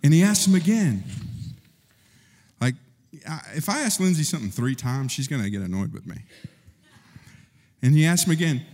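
A man preaching a sermon, telling a story and acting out voices, rising in pitch and force when stirred. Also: expressive, unhurried, darkish tone. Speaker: pastor. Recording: long reverb of a large hall.

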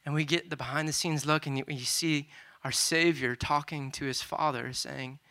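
Bright-voiced man preaching a casual sermon. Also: a little high, normal speed. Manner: conversational, animated, retells scripture casually with asides.

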